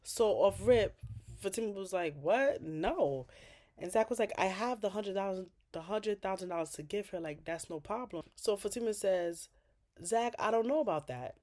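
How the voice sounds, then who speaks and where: A woman chatting through a TV recap in a loose, casual way. Her voice sits mid-range and leaps up loud for outraged asides. She swears freely and talks straight to the characters. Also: medium pitch, moderate pace. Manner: animated, swearing, scolding characters as "girl". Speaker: TV recap vlogger.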